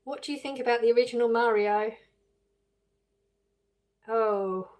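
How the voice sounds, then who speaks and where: A woman's voice: a little high, unhurried, darkish tone. An English woman live streaming, reading viewers' questions aloud and answering them casually with frequent laughs. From England. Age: adult with children.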